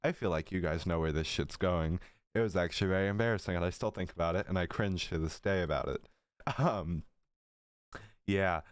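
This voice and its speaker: A man's voice: deep voice, brisk, clean tone, no room sound. A teenage boy telling rambling stories in a casual storytime vlog, giggly and full of profane asides, his throat a little dry. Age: teens. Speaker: storytelling creator.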